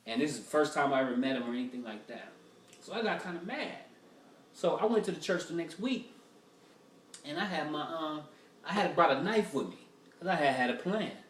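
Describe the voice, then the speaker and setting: A man's voice: on the high side, brisk, a bit bright, echoey room, distant mic, slight background noise. Profane man rambling through a stand-up bit. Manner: profane, rambling storytelling with many fillers. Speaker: stand-up comedian. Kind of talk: rough-draft stand-up routine.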